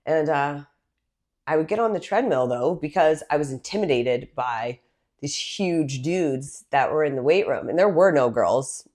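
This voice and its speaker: A woman, a personal trainer talking as a podcast guest, lively and animated as she tells her story. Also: low voice, unhurried. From Massachusetts, US. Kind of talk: casual interview talk.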